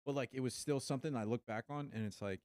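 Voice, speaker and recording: A male podcast guest chatting casually, excitable and full of swearing and "dude.". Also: mid-range voice, quick pace, no echo. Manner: excitable, swears a lot, keeps saying "dude". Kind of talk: casual chat.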